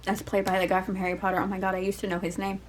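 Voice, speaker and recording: A woman's voice: medium pitch, monotone, racing, slight background noise, rough recording. Chatty, rambling woman reading tarot. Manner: rambling, digressive, peppered with fillers and swearing. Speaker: tarot reader.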